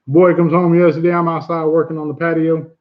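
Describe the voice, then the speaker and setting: A man's voice: a little high, little pitch movement, fairly quick, dull audio. Blunt, profane man on a livestream. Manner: blunt and profane, swears casually; earnest, repeats himself for emphasis. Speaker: livestream host. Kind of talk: casual livestream chat.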